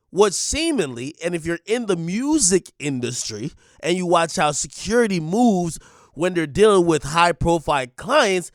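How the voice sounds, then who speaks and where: A male host gives a blunt commentary monologue. His pitch rides high for a man and swings a lot as he presses his points. The sound is dry and close. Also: a bit bright, no echo. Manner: blunt, emphatic, talks straight to viewers.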